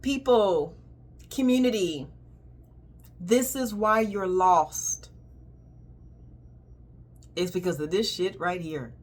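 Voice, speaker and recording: A woman's voice: on the low side, slow pace, long pauses. A woman hosting a casual monologue, speaking directly and emphatically, acting out exchanges with clients. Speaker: colon hydrotherapist hosting a talk.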